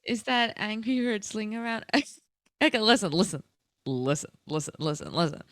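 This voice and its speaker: Lively, giggly woman streamer. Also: medium pitch, moderate pace, no room sound, clean studio sound. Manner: excitable, giggly, animated storyteller. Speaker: co-host of a live stream. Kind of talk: casual chat.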